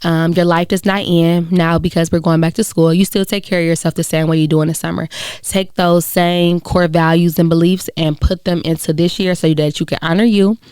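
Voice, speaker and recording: Solo podcast host, young adult woman, smooth lower-pitched voice, dry close sound, earnest and encouraging. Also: fairly even intonation, a little fast, a little mellow, no echo. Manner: earnest, encouraging, conversational with many fillers. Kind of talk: reflective solo podcast talk.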